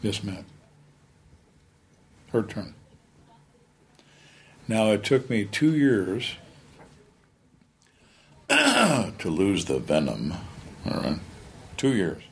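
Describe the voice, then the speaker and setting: A man's voice: on the low side, huge pitch swings, drawn-out words, long pauses, breathy edge. An older man, a retired homicide lieutenant, telling blunt, wry stories from his career in an interview. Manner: blunt, plain-spoken, wry. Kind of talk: candid storytelling interview.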